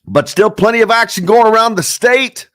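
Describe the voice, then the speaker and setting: Rambling sports radio host, dry sound. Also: male voice, sits high, lively intonation, normal speed, fairly bright tone, dry recording. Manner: loose and rambling, many fillers, reads chat comments aloud. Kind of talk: casual sports talk with listener comments.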